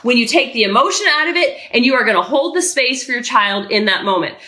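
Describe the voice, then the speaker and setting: A middle-aged woman hosting a parenting podcast, talking with emphatic energy and circling back to her key phrases. Her voice sits a little high and has a bright, forceful ring. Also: animated, quick pace, echoey room. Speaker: parenting coach and podcast host. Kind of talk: podcast coaching talk.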